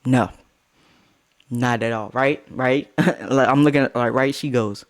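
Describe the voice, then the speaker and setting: A young man telling a casual storytime with slang and swearing, breaking into high-pitched outbursts. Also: unhurried. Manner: animated, swings into high-pitched outbursts when quoting.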